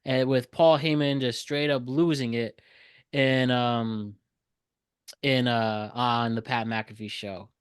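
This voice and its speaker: A man hosting a casual podcast, explaining things to listeners with quick asides. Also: mid-range voice, fairly even intonation, clean tone, no echo. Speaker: podcast host.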